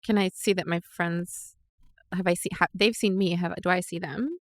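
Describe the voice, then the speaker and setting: A woman playing a tabletop game, chatty and self-mocking, often halting. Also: lowish voice, fairly even intonation. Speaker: player. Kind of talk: casual tabletop play.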